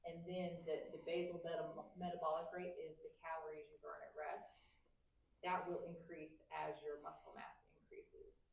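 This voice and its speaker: Woman coach, very low gravelly voice, heard from across an echoey room. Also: level tone, normal speed, highs cut off. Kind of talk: explaining in a class. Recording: distant echoey room with faint noise.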